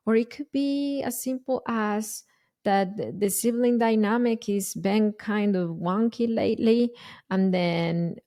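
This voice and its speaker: Earnest woman host, unhurried and mellow, explains parenting ideas patiently. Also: medium pitch. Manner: earnest, slow and deliberate, with frequent restarts. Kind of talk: conversational explanation.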